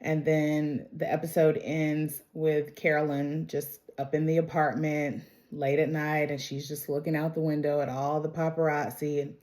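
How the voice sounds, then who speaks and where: A young woman with a low voice talks through a TV episode in a loose, chatty way. She leans on "like" and "you know" and acts out scenes by quoting the characters as she goes. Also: little pitch movement, moderate pace, few pauses, darkish tone. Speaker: show recap vlogger. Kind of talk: casual episode recap.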